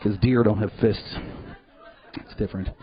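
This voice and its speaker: A man performing a live stand-up set in a comedy club, animated and profane, jumping now and then into loud put-on voices. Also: on the low side, moderate pace, some chatter behind. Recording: dull lo-fi live recording.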